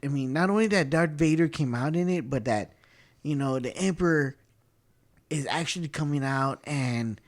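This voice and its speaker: A man in his thirties co-hosting a casual podcast, excitable and laughing often, repeating words and swearing as he tells stories. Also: fairly high pitch, moderate pace. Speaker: podcast co-host. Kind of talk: casual chat.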